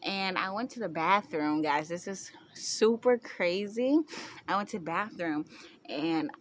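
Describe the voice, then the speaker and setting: A young woman vlogger tells a story to camera in a chatty, unhurried way, her voice on the low side. She laughs as she goes and acts out what people said, complete with squeals.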